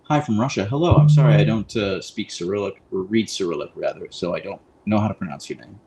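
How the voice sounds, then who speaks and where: A man hosting a casual live stream, rambling in a friendly way with lots of fillers, speaking into a boom mic. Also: fast talker, mellow, a little hiss or hum, poor audio. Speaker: livestream host.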